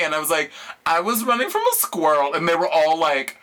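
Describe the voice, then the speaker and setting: A man's voice: a little high, very animated, fast, background noise. A man co-hosting a casual podcast, telling a rambling, self-mocking story full of filler words and laughter. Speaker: podcast co-host. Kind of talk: casual chat, rambling anecdote.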